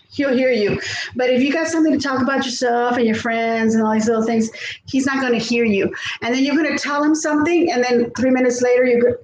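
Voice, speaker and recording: A chatty middle-aged woman talks to her viewers while cooking at home, often laughing and reading their comments aloud. Her voice sits high, and the kitchen echoes around her. A faint hum of ambience sits under her voice. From South Texas. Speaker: vlogger. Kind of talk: casual chat while cooking.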